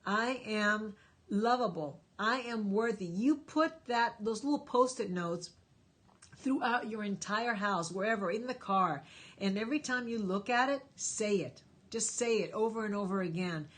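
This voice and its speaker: Breathy woman on a live stream, emphatic self-help pep talk, middle pitch. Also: normal speed. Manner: encouraging, emphatic life-coaching. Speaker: host answering viewer questions. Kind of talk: live stream Q&A, reading chat.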